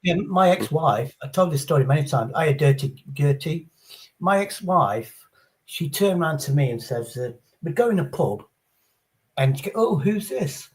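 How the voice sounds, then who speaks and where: A middle-aged English man hosts a casual livestream, talking bluntly and rambling with plenty of swearing. His voice is a little high and expressive at a normal speed, and faint background noise can be heard.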